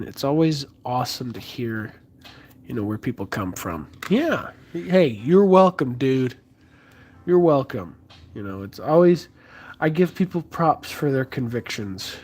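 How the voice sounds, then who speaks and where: A man's voice: medium pitch, lively intonation, a little slow, a little mellow, slight background noise. A young man from the United States chatting casually with viewers on a live stream, friendly and rambling, with many fillers and restarts.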